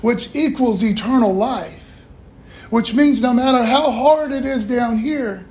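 A man's voice: very high-pitched, expressive, normal speed, a little mellow. A male pastor preaching a sermon in a folksy call-and-response style, with casual asides to the congregation. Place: church. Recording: echoey room, faint room noise.

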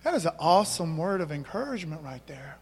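High-voiced preacher man in a reverberant church. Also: very animated, fast, slight background noise. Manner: casual, conversational preaching with slang and rhetorical questions. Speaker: pastor. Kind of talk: sermon. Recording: long hall reverb.

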